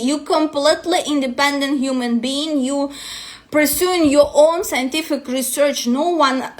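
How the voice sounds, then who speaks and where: A woman coach with a non-native English accent, ranting bluntly and profanely to her vlog audience. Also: sits high. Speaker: destiny matrix coach.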